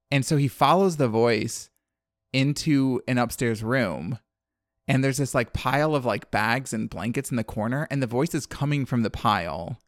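A man casually retelling a film's plot, animated and acting out the characters' lines. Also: medium pitch, normal speed, no room sound, studio quality. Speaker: podcast co-host recapping a film. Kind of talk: casual chat.

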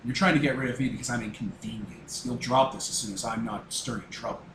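A man's voice: medium pitch, quick pace, close to an everyday voice. A man voicing a bitter, resentful male ghost that answers in short, accusing retorts, recorded in an echoey, noisy room. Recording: roomy echo, noisy background.

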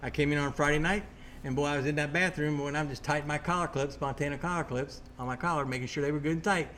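Man, excitable storyteller, rambling, restarts, somewhat high pitch. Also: quick pace, a little hiss or hum. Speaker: guest telling a ghost story. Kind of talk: casual storytelling.

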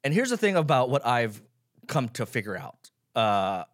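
A young man hosting a solo podcast, ranting sarcastically with plenty of swearing, swinging from loud mock outrage to mumbled asides. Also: medium pitch, big pitch swings, normal speed, no room sound, studio quality. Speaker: podcast host. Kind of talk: casual solo podcast rant.

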